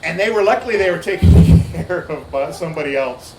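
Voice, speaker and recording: A man's voice: on the high side, animated, a little fast, creaky. A man from Ohio doing a loose, rambling stand-up set at a bar open mic, full of fillers and restarts. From Ohio, USA. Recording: echoey bar room with crowd noise.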